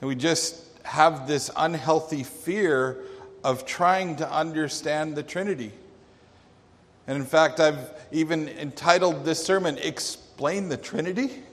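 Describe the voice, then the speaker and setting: Man preaching real slow, dramatic storyteller, big hall echo. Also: fairly high pitch, fairly bright tone. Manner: dramatic storyteller with emphatic pauses. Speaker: pastor. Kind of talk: sermon. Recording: long reverb of a large hall.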